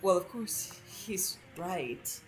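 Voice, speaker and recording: A stoic Nord necromancer, as a woman plays him, measured and matter-of-fact in a lowered voice. He states grim things plainly and calmly. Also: over music, poor audio. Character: stoic middle-aged Nord man, a calm necromancer.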